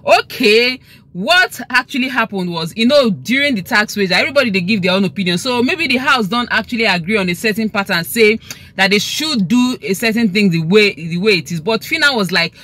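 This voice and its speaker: A woman's voice: mid-range voice, animated, brisk, a bit bright. Chatty Nigerian woman vlogging from her car. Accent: Nigerian English. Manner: chatty, mixes in Nigerian Pidgin. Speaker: gossip vlogger. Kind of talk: casual gossip vlog.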